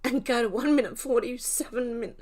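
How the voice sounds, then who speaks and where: Laughing helplessly until she's teary, an older woman from Australia reads chat on her casual livestream, snorting and giggling breathlessly. Her voice is a little high and darkish in tone, and she speaks fairly quickly.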